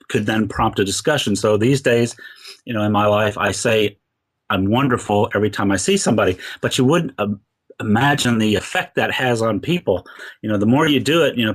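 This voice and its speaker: A man as a podcast guest, talking earnestly and rambling with many fillers. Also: lowish voice. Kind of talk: casual interview talk.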